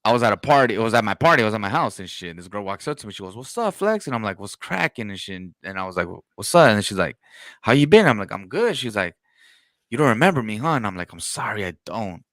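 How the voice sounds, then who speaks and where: A man's voice: on the low side, animated, fast talker, few pauses, a bit bright, dry recording. Slangy, profane male podcast host. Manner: slangy, profane storytelling with acted-out quotes. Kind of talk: casual chat.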